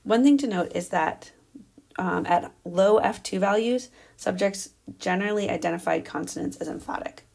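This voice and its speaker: This young adult woman's medium-pitched voice has vocal fry and a darkish tone, and she talks at a normal speed. She's a doctoral candidate presenting research, explaining carefully amid frequent fillers.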